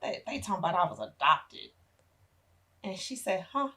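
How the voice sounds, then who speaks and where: A woman's voice: medium pitch, sing-song, normal speed, pushed and bright, husky. A middle-aged woman, a podcast guest, telling a painful personal story with emotion and acting out the voices of family members.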